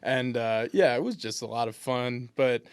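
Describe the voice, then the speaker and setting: A man's voice: medium pitch, lively intonation, moderate pace, clean tone, no echo, studio quality. A man in his twenties, a pro football lineman, telling laid-back funny stories in an interview with lots of restarts. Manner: laid-back, humorous anecdotes with many restarts. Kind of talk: casual interview storytelling.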